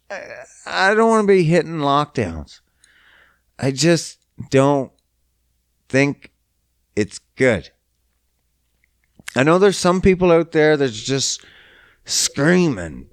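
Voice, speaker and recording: On his podcast, a young man from Canada goes on a casual solo rant, swearing and sounding exasperated and mocking. He has a smooth, fairly high-pitched voice, captured in a dry recording with clean studio sound.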